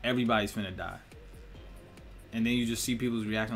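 A man's voice: lowish voice, fairly even intonation, fast talker, faint music behind. A young man, a musician, rambling in a casual monologue, full of cursing, slang and laughter. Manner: profane, laughing, slangy storytelling.

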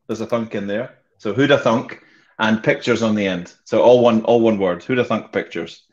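A man's voice: lowish voice, normal speed. A man with a Scottish accent chatting casually on a web show panel, joking at his own expense and laughing often over a video call mic. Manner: jokey, self-mocking, laughs often. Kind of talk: casual chat. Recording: dull lo-fi video call audio.

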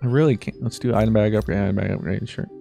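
A man commentating his own gameplay as a video host, joking around and breaking into sudden high yelps. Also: fairly even intonation, very fast, vocal fry, dark tone, soft background music. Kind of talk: let's play commentary.

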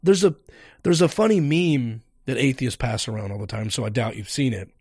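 Husky, emphatic podcast host man. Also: medium pitch, a little fast, no room sound, studio quality. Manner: animated and emphatic. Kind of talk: debate interview.

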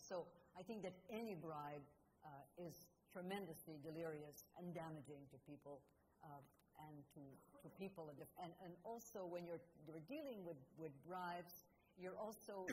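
Earnest low-voiced woman on a panel. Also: moderate pace, darkish tone, a little hiss or hum. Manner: earnest, repeating words. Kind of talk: panel debate remarks. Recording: long hall reverb.

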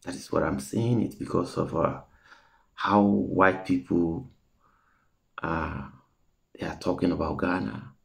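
A man's voice: deep voice, steady tone, takes it slowly, vocal fry, pauses often. A Nigerian man talking to his viewers in an earnest, repetitive way, commenting on a clip. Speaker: vlogger reacting to a clip.

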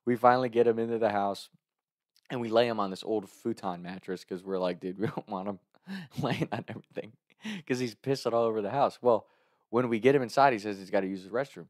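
A man's voice: fairly low pitch, a little fast, a little mellow, no echo, studio quality. Laughing man telling a story. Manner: laughs often mid-sentence, loose rambling delivery. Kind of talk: casual personal anecdote.

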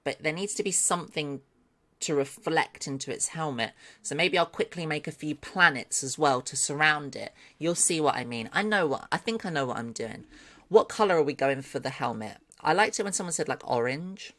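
A woman's voice: low voice, animated, moderate pace, fairly bright tone. A woman streaming live as she learns 3D modeling. She thinks aloud, talks to her chat and swears with delight when something turns out well.

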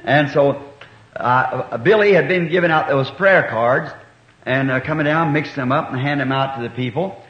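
At a moderate pace and in a mid-range voice, a middle-aged preacher tells homespun stories in a church meeting hall, speaking colloquially with rural grammar. It comes from an echoey, dull recording of a 1960s meeting.

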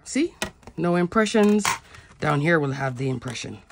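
A woman's voice: sits low, expressive, moderate pace, creaky, noisy background. A woman hosting a step-by-step card-making tutorial, chatty and talking through each step, laughing at herself now and then. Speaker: craft tutorial host. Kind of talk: step-by-step crafting demo.

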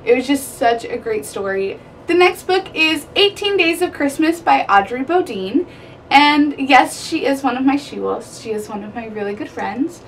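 Young woman, book reviewer, excitable and chatty, slightly distant mic with faint hum. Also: sits high, moderate pace. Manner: bubbly, gushing, peppered with "like". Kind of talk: casual book review vlog. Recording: somewhat distant mic with faint room ambience.

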